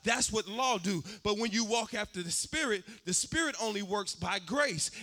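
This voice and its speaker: High, bright sing-song preacher man. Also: expressive, normal speed. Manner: sing-song preaching cadence, swelling louder on key points. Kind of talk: sermon.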